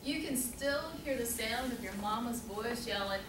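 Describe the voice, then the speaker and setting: A woman's voice: fairly high pitch, moderate pace. A woman leading a meeting segment, giving playful, teasing prompts to speakers. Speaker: table topics master. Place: meeting room with an audience. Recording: echoey room from far off, loud crowd and noise.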